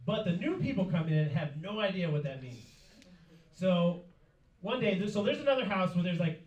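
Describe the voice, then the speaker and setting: A man's voice: high voice, animated, moderate pace, lo-fi sound. A man performing a stand-up comedy set in a club, telling a story and laughing through his lines. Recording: roomy club sound from far off, loud audience.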